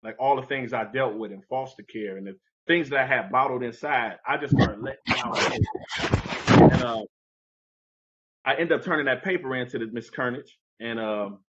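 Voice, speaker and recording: The recording has its highs cut off and background noise. Through it, a podcast guest tells an animated story from his youth, acting out what people said with big jumps in his voice.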